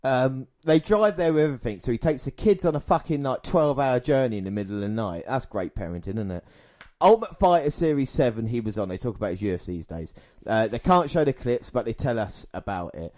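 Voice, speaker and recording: A man hosts a casual podcast, his voice pitched in an ordinary middle range. He talks in a crude, sarcastic way, swearing often and slipping into mocking impressions. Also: animated, fast, few pauses, a little mellow. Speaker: podcast host. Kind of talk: casual chat reviewing wrestling content.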